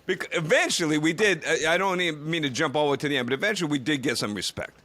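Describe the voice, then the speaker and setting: A man telling a camping story in casual podcast chat, relaxed and full of fillers. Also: on the high side. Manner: relaxed, filler-heavy, quick asides. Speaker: podcast co-host.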